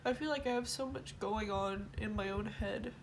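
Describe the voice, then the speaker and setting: A woman talking in a personal confessional vlog, halting and emotional, trailing off mid-sentence. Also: mid-range voice, a little hiss or hum. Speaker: vlogger.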